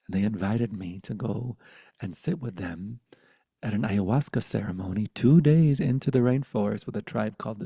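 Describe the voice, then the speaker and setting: A man leads a satsang talk as a spiritual teacher, telling stories and slipping into near-whispers. His voice is gravelly and somewhat husky, and it sounds close and dry. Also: lowish voice, no echo. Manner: intimate storytelling, often dropping to a hushed whisper.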